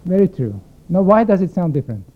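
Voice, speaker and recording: Male concert violinist, reflective spoken intro from the stage, slightly high voice, tinny lo-fi capture. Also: big pitch swings, quick pace. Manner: reflective, explanatory, poses questions to the audience. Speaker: concert violinist addressing the audience. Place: concert stage before a live audience. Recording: thin phone-like sound.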